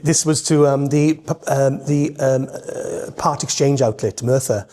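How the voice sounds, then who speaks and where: A Welsh man telling lively stories as a guest, animated and quick to slip into voices. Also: mid-range voice. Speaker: entertainer guest. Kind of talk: casual storytelling.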